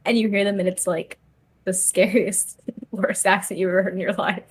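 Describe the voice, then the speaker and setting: A woman's voice: mid-range voice, moderate pace. A young woman co-hosting a podcast, talking in casual slang and laughing often. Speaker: podcast co-host. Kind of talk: casual chat.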